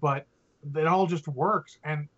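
A man's voice: on the high side, slow pace, a bit bright, dry recording. Chatty man with dull dry audio. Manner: enthusiastic, rambling, laughs often. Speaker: podcast host. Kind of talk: casual movie review chat.

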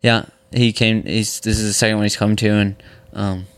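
A young man answers interview questions in short, quiet, reserved phrases. His voice is smooth and fairly low, and the recording is close and dry. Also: flat delivery, moderate pace, no room sound. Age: young adult. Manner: quiet, brief answers, shy. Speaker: guest, rodeo athlete. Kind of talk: casual interview chat.

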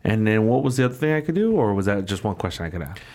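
Male player, low voice, casual questions. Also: very animated, racing, a little mellow. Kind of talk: tabletop game play.

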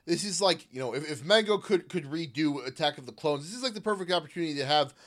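A man's voice: a little high, expressive, fast talker, fairly bright tone. A man co-hosting a podcast, talking casually and sarcastically, leaning heavily on "like". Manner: sarcastic, heavy filler "like", mocking impressions. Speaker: podcast co-host. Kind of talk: casual chat.

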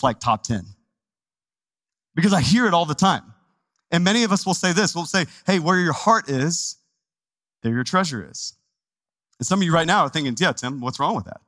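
Texan pastor with a lively, higher voice. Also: male voice, no room sound. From Texas. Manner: conversational and animated, with asides to the congregation. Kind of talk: sermon. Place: church sanctuary.

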